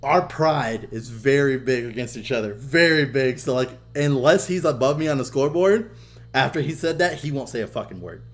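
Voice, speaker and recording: A young man co-hosting a podcast, telling stories in casual chat, swearing a lot and getting loud when he quotes people. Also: mid-range voice, moderate pace. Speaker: podcast co-host.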